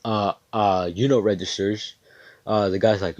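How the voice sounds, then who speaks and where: A man's voice: fairly low pitch, steady tone, a little slow, a little mellow, no echo, lo-fi sound. A young man casually telling a fan story, rambling with slang and frequent swearing.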